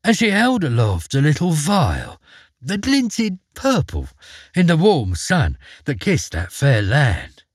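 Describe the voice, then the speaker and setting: A male storyteller reading a folk tale with playful, expressive delivery. His pitch ranges very widely and his tone is husky. The recording is close and dry. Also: slow, no room sound. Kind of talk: storybook narration.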